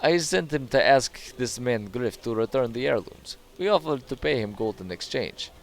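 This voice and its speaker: A man's voice: mid-range voice, animated, normal speed, close to an everyday voice. A man voicing a proud, worried tribal wife in a video game, reading her lines plainly and earnestly in his own voice.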